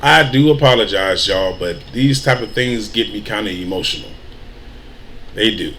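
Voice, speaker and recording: A man's voice: on the low side, expressive, moderate pace, a bit bright, slight background noise. A man hosting an emotional news commentary stream, pleading and preaching with rising rhetorical questions.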